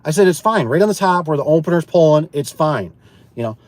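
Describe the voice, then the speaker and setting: A man's voice: on the high side, a little fast, no echo. A man who installs garage doors, chatting casually about jobs and acting out what customers and co-workers said, often repeating words as he restarts a sentence. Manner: animated, acts out quoted customers and himself. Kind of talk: casual storytelling chat.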